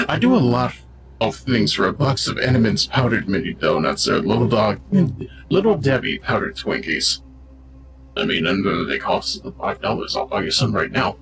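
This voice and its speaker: A man's voice: lowish voice, big pitch swings, normal speed, a bit bright, husky. A man streaming a video game, giving casual, jokey commentary and riffing on what happens on screen. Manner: goofy and jokey, riffs on the game.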